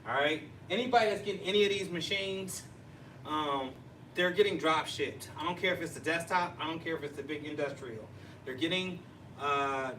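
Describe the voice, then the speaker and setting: A man hosting a casual livestream chat, chatty and excitable, laughing and teasing as he talks. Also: fairly high pitch. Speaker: livestream host. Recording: distant mic with noisy background.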